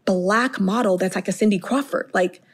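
A middle-aged woman talks as an interview guest, animated and chatty. Her voice sits at an ordinary middle pitch. She leans on "like" as she spins her stories. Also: moderate pace, slightly rough. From Inglewood, California. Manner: animated, chatty, full of "like" fillers. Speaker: guest, model and TV producer. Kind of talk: casual storytelling interview.

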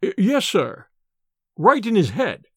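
A man's voice: high-pitched, wildly swooping pitch, takes it slowly, breathy edge, dry recording, studio quality, heavily acted. A man voicing a little wrinkled old manservant who is fretful and gossipy, talking with rustic grammar and nervous deference. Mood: anxious, confiding.

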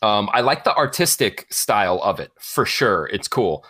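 A man's voice: on the low side, very animated, normal speed, sharp tone, no echo. A man co-hosting a casual gaming podcast, hesitant with many restarts but blunt in his opinions. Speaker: podcast co-host.

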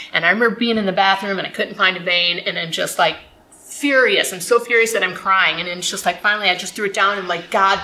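A woman's voice: fairly low pitch, sharp tone, slight background noise, rough recording. A woman, candidly telling her recovery story in a rambling way, full of fillers and restarts.

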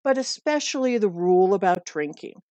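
A middle-aged woman from the United States talks through her dog-walking advice in a chatty, earnest manner and circles back to repeat her points. Her voice sits at an ordinary middle pitch. It is recorded close and dry, with no room sound. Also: animated, normal speed, darkish tone, no echo, dull audio. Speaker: dog walker giving pet tips. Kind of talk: casual advice talk.

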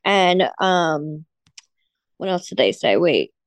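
A woman's voice: sits low, sing-song, slow, no room sound. A woman co-hosting a casual podcast, upset after crying, venting with lots of swearing and fillers. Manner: emotional, swearing, filler-heavy. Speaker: podcast co-host. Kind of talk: casual chat.

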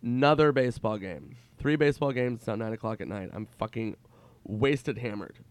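Animated man telling comic stories. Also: mid-range voice, normal speed. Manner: animated, acts out quotes in raised voices; swears freely. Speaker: comedian guest. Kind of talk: casual storytelling.

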